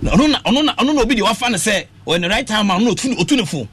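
A man's voice: high-pitched, animated, racing, fairly bright tone, slightly rough. A man with a Ghanaian accent talking football passionately on a radio sports show, mixing English and Twi and breaking into sing-song phrases. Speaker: radio sports talk panelist. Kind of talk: animated radio sports talk.

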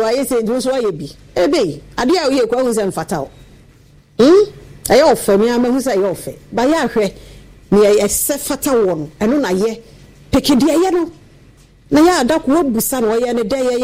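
A Ghanaian woman giving an animated radio talk, preaching to listeners and repeating her points for emphasis. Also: fairly high pitch, low-quality recording. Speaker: radio commentator.

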